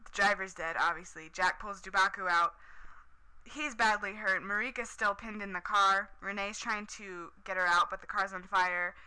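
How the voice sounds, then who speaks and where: A woman's voice: medium pitch, steady tone, moderate pace, pushed and bright, clean tone, poor audio. A woman casually recapping a TV episode, chatty and enthusiastic, with lots of "um" and "like".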